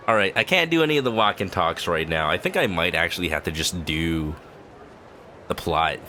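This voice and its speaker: A man's voice: sits low, normal speed, long pauses, sharp tone, slight background noise. A man streaming a video game, chatting casually in a rambling way full of "like" fillers. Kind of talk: casual chat while playing a video game. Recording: clear game music underneath. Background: game music.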